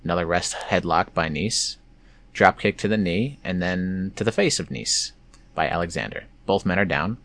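A man's voice: deep voice, moderate pace, a bit bright. A man hosting a casual play-by-play recap of a wrestling show, slipping in wry, sarcastic asides.

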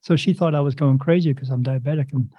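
Talking fast in a medium-pitched voice with a breathy edge, a man rambles through a long personal story as an interview guest. He animates it with quoted dialogue and sound effects in a casual storytelling way. The recording is dry, with the highs cut off.

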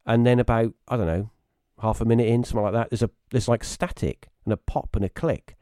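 His intonation fairly even and his pace quick, a British man with a dark, smooth tone rambles through personal anecdotes on a live stream as a guest. He restarts frequently and jumps into high voices to quote people. The sound is clean studio audio with no room sound.

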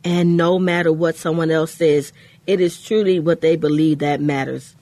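A woman co-hosting a faith-based radio talk show, telling a personal story in an earnest way with pauses. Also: low-pitched, fairly even intonation, mellow, dry recording.

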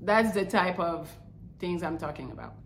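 A woman's voice: fairly low pitch, normal speed, reverberant, a little hiss or hum. A woman hosting a podcast, giving blunt, crude relationship advice and mocking the people she describes. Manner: crude, animated, swings into mocking quoted voices. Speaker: podcast host.

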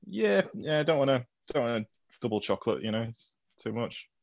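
A man's voice: medium pitch, sing-song, fairly quick, vocal fry, dry recording, highs cut off. A man in a casual podcast chat, speaking in an easygoing, plain way.

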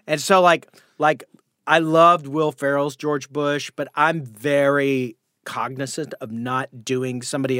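A man chats on a podcast about doing impressions. He tells stories with animated turns and dips into other voices. The voice sits close and dry, with no room sound. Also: mid-range voice, dry recording. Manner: animated storyteller who slips into impressions. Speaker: guest impressionist. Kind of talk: casual podcast chat.

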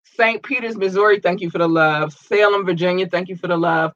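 Upbeat male podcast host, animated, slightly high voice, dry close sound. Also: fairly quick, dry recording, lo-fi sound. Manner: upbeat, animated, stumbles over place names. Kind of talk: casual shout-outs to listeners.

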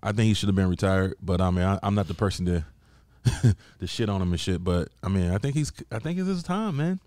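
A man's voice: low voice, expressive, a little fast, a little mellow, no echo, studio quality. A man co-hosting a casual fight-sports podcast, brash and profane, teasing his partner. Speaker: podcast co-host. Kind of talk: casual MMA podcast chat.

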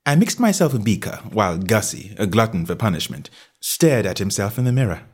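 A man's voice: lowish voice, very animated, a little fast, darkish tone, breathy edge. A man narrating a comic novel in the first person, with jaunty, wry storytelling and varied character voices. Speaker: audiobook narrator.

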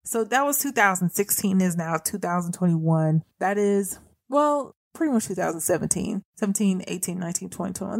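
A woman's voice: fairly low pitch, expressive, brisk, vocal fry. A young adult woman hosting a faith-based podcast, talking earnestly and conversationally to her listeners. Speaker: podcast host.

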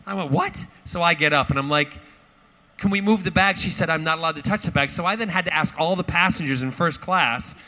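A man telling a lively anecdote to a live audience, theatrical and acting out quoted voices. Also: a little high, fast talker. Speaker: actor at a fan panel.

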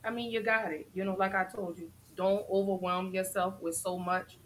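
A woman's voice: medium pitch, fairly even intonation, moderate pace, slight background noise, poor audio. Effusive chatty woman hosting a live show. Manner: effusive, chatty, shouts out viewers by name. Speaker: host of a live mental health talk show. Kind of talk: casual live-stream chat.

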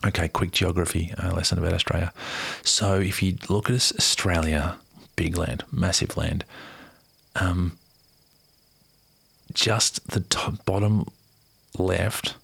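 A man reads a news piece aloud in a soft, unhurried way, slipping into near-whispers and chatty asides. His voice is very low, rough and breathy, with lots of fry. The sound is dry and close. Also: no echo. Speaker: reader of a news article. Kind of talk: casual read-aloud with asides.

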